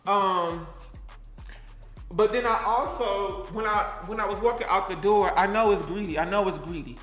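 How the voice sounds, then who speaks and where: Young man, high voice, sassy cooking vlog chatter, echoey room, faint music behind. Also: moderate pace, fairly bright tone. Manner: sassy, chatty, talks to the camera and to his things. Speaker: cooking vlogger.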